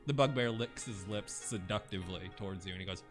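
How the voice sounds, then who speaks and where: A man's voice: fairly low pitch, fast, faint music behind. A man narrating a tabletop game as game master, in a casual way with many fillers.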